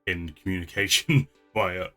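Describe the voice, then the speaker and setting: Casual male vlogger, deep and bright-toned, talks in loose rambling asides. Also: moderate pace, faint music behind. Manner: chatty, rambling with frequent restarts and laughs. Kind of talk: casual chat.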